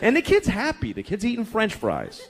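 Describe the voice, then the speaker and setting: A man's voice: high-pitched, huge pitch swings, moderate pace, gravelly. A man doing a stand-up comedy set, telling stories in a profane, exasperated way. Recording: live club with audience laughter and noise. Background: crowd laughing.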